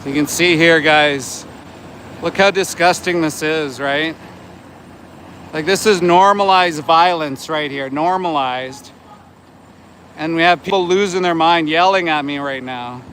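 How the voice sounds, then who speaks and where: A man's voice: on the high side, measured pace, fairly bright tone. A man in his forties livestreaming from a city sidewalk, talking indignantly and repeating himself when challenged. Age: 40s. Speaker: vegan activist livestreamer. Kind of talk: live street vlog. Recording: faint street noise outdoors. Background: street traffic.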